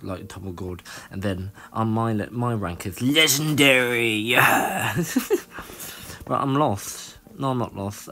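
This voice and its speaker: A young man giving rambling, excitable commentary while playing a video game. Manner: excitable, rambling, jumps to high squeals. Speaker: gaming channel host. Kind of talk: casual let's-play commentary.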